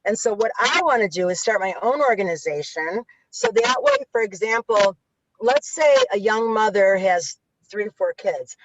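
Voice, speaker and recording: A woman's voice: mid-range voice, sing-song, moderate pace, no echo. Blunt, swearing Chicago woman. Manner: blunt, swears freely, many restarts. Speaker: author and youth interventionist. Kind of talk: candid interview talk. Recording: dull lo-fi audio.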